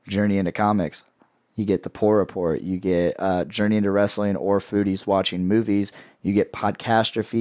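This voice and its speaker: A man hosting a casual podcast, rambling through plugs with a playful sales-pitch delivery. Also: darkish tone, dry recording, studio quality. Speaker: podcast host and network editor. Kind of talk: casual podcast chat with co-hosts.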